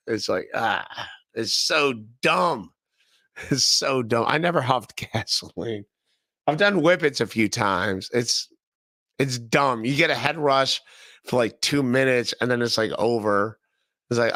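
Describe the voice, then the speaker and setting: Podcast host, man, 30s, from Northeast Ohio; loose, profane rambler who laughs a lot, gravelly and punchy, dry close mic. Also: mid-range voice, lively intonation, measured pace, fairly bright tone, no room sound. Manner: rambling, profane, laughing often, repeating himself. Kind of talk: casual livestream chat reading chat comments.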